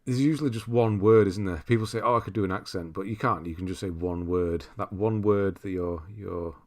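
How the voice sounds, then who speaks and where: A man's voice: low voice, moderate pace. A man hosting a live stream, chatting casually and reading viewers' messages aloud with frequent laughs. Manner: relaxed, rambling, reads chat aloud with frequent laughs. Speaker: streamer host.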